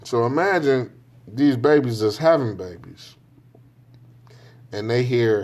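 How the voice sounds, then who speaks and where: A man's voice: medium pitch, animated, darkish tone. A man hosting his own show, ranting alone in casual, profane street slang and mimicking other people as he goes. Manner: acts out other people in quick impressions. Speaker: podcast host. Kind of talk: casual monologue rant.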